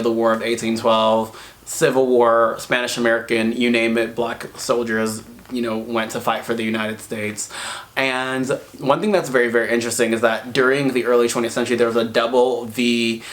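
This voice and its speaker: A man's voice: mid-range voice, a bit bright. A man hosting a history video, talking casually with wry asides and words repeated for emphasis. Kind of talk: casual spoken commentary.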